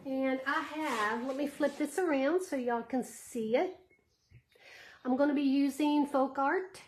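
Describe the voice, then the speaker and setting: A middle-aged woman speaks at a measured pace in a high voice as she does a craft project live, casually chatting and reading comments from viewers. The recording picks up an echoey room and clear background noise.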